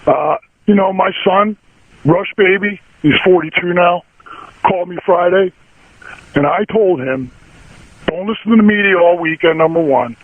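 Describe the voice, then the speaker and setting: A man's voice: sits high, normal speed, long pauses, no room sound. A man in his sixties calling in to a talk radio show, indignant and blunt, firing off short repeated questions. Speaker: caller. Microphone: telephone. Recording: tinny phone line.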